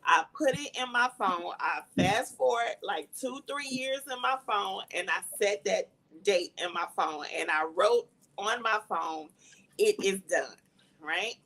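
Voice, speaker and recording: Woman guest, gravelly voice, earnest first-person testimony, mid pitch. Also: lively intonation, unhurried, sharp tone, low-quality recording. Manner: earnest, reflective storytelling with emotional emphasis. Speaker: guest, cancer survivor sharing testimony. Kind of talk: personal testimony in casual talk.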